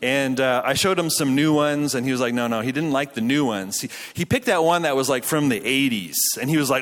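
A man's voice: mid-range voice, a little fast, few pauses, a bit bright. A pastor in his thirties from Canada, preaching a sermon in a chatty, self-deprecating storytelling way with frequent restarts. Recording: hall reverb from a live venue.

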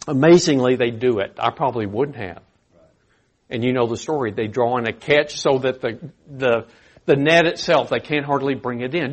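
A man preaching a sermon with a slightly husky, breathy voice at an average pitch. He talks in an earnest, conversational way and leans into animated emphasis.

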